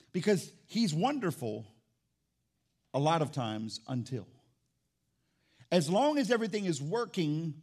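Loud, high-pitched preaching pastor. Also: male voice. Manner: loud, swinging between shouting and hushed. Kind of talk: sermon. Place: church sanctuary.

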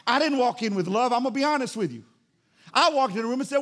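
Pastor, male, very high and animated delivery, playful sermon with jokes. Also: fast. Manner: lively, joking, preaching with acted-out asides.

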